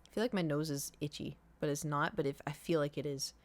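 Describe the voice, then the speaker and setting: A woman's voice: deep voice, fairly even intonation, quick pace. A young woman streaming live, talking casually and rambling through a story with lots of filler words. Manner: rambling and chatty, with many fillers. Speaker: livestreamer.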